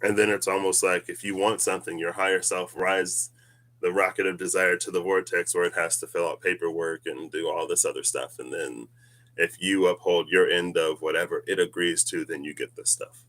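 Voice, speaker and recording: Deep-voiced man musing on spirituality. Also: fairly even intonation, moderate pace, fairly bright tone. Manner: rambling, musing, laughs often. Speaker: tarot reader. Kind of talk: casual spiritual reading vlog.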